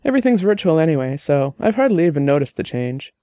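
A woman's voice: low voice, very animated, quick pace, mellow, no room sound, clean studio sound. A man reading the part of a chatty young woman programmer, bubbly and teasing, in an audiobook.

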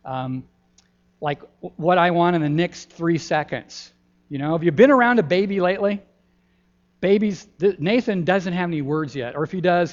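An older man, a pastor giving a gentle, folksy children's sermon in a church, pausing often with ums. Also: sits high. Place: church sanctuary. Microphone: handheld microphone. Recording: dull lo-fi church recording.

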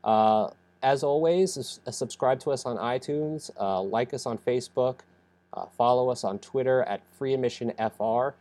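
A man's voice: medium pitch, normal speed, warm tone. A young man who says he is sick, rambling through a casual podcast recap with many fillers and self-corrections. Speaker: podcast host reviewing wrestling.

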